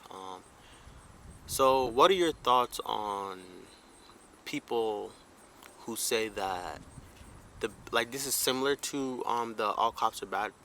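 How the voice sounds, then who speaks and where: A man's voice: medium pitch, slow pace, long pauses, a bit bright, slight background noise. A man hosting a casual podcast interview, asking questions hesitantly with many fillers. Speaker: podcast host.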